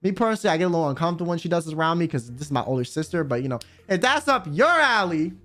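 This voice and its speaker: A man's voice: fairly high pitch, rapid-fire, soft background music. A young man streamer giving casual, joking commentary with lots of swearing. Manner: animated, profane, joking.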